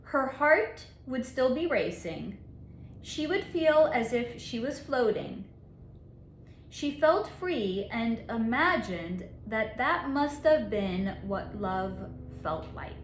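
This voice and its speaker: A woman psychic reader telling a story in a monologue, with deliberate dramatic pauses and frequent laughs. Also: a little high, sing-song, slight background noise. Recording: echoey room.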